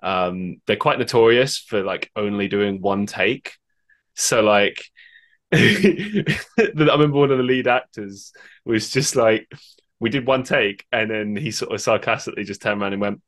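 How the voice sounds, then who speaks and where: A man's voice: lowish voice, measured pace, fairly bright tone. A man hosting a podcast, asking questions in casual interview chat with an easygoing, amused manner. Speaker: podcast host.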